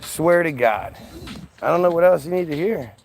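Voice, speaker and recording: A man's voice: fairly high pitch, expressive, moderate pace, vocal fry, poor audio. A man hosting a livestream, talking casually in a sarcastic, mocking, profane way. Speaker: livestream host reading chat.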